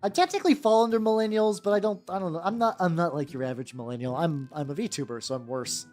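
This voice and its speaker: A woman's voice: on the low side, expressive, fast talker, dark tone, soft background music. A woman in her thirties chatting casually as a streamer while she paints, rambling and restarting her sentences with a wry edge. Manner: rambling, self-interrupting, wry. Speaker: VTuber streamer.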